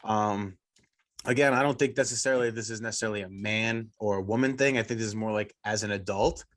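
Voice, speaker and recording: Rambling profane podcast host. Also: male voice, fairly low pitch, fast, a bit bright. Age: adult with kids. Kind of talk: casual chat.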